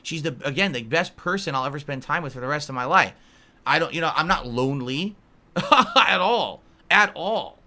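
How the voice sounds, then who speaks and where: A man's voice: on the high side, expressive, normal speed, bright, forceful tone. A man in his early forties answering live chat on a stream, blunt and easily irritated, calling viewers idiots. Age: 40s.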